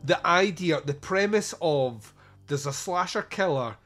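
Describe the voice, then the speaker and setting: A man's voice: a little high, lively intonation, measured pace, a bit bright. A man hosting a podcast, chatting casually and animatedly about a film, swearing and laughing often. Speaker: podcast host. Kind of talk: casual film review chat.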